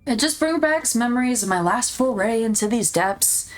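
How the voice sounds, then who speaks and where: A woman's voice: fairly high pitch, lively intonation, moderate pace. Woman reading along in a game playthrough, teasing, voice goes up and down a lot. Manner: teasing, playful. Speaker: co-player. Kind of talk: casual playthrough, voicing lines.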